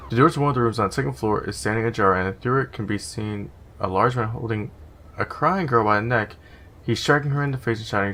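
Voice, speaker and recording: Bright, sharp-toned guy for a gaming let's-play, swearing and sarcastic while reading game text aloud. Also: fairly low pitch, fairly quick, slight background noise. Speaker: gaming YouTuber. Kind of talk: casual gaming commentary.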